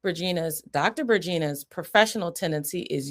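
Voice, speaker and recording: A woman's voice: deep voice, moderate pace, gravelly. A middle-aged woman psychiatrist giving an educational talk in a conversational, explanatory way, often checking in with the listener.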